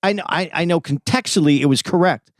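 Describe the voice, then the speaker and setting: A man's voice: on the high side, fairly quick, no room sound, clean studio sound. A man co-hosting a podcast, telling stories in casual chat with frequent restarts. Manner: reflective storytelling, many restarts. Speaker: podcast co-host.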